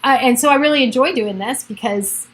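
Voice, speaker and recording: A middle-aged woman with a voice pitched a little high chats casually on a livestream from her home computer. She rambles from one thought to the next and laughs often. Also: brisk, low-quality recording. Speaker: realtor hosting a livestream.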